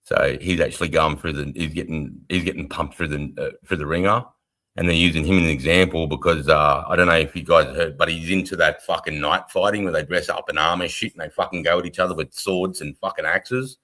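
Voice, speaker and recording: Australian veteran streamer, middle-aged, low-pitched, profane and rambling, heated casual chat. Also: male voice, fairly even intonation, fairly quick, bright, forceful tone. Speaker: livestream co-host, army veteran.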